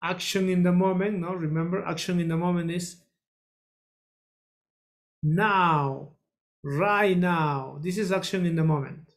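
A teacher leads a children's English lesson in a classroom. The pace is unhurried and deliberate, with key phrases drilled again and again. Students are called on one by one to answer. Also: mid-range voice, steady tone. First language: Spanish. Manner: slow, repetitive drilling, calls on students.

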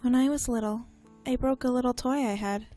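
A woman voicing a young heroine in a game, quietly recalling a childhood memory in a wistful tone. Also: a little high, fairly even intonation, brisk, faint music behind, close to an everyday voice.

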